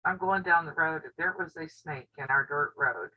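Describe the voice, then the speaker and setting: At a normal speed and in a low voice, a woman with a drawl hosts her quilting channel's casual live stream from home. She's chatty, full of stories and frequent laughter, and the camera on the table records her with a dull, lo-fi quality.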